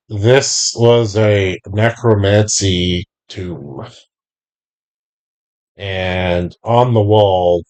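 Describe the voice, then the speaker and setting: A man running a tabletop game as game master, describing scenes slowly and deliberately. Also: low-pitched, darkish tone.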